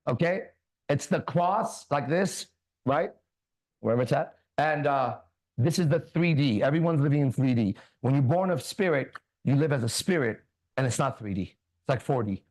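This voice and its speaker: A man hosting a casual talk show, animated, preachy and swearing freely. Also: mid-range voice, normal speed. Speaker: podcast host. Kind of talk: casual chat.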